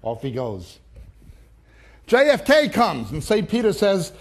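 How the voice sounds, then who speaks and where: A man's voice: high voice, wildly swooping pitch, slow, vocal fry. A man teaching a sermon who tells jokes before reading from Scripture. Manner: joke-telling, then scripture reading. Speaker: Bible teacher.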